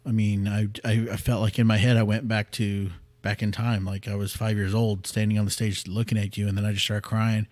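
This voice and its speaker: A man in his thirties hosting a podcast, telling a personal story in an earnest, rambling way that often drops quiet. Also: on the low side, level tone, fairly quick, few pauses, no echo. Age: 30s. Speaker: podcast host. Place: small studio room.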